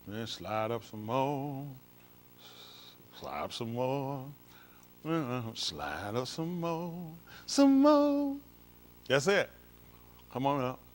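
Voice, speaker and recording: Male pastor, casual Bible-study teacher, coaxing and emphatic, mid-pitched voice, faint noise floor. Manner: coaxing, repeats "come on" while directing someone scrolling. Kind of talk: informal Bible study, comparing translations.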